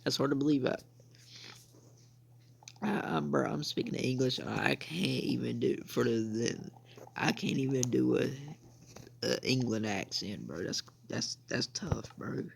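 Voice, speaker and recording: A man's voice: mid-range voice, lively intonation, a little slow, gravelly, a little hiss or hum. A young man from the United States rambling through casual gameplay commentary, saying "I mean" and "bro" again and again. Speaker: gaming channel host.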